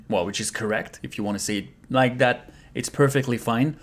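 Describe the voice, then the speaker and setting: A man with a French accent, a native French speaker, teaching a video language lesson and repeating each word slowly for learners to copy. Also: medium pitch, animated, a little mellow. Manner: slow, repeats words for practice.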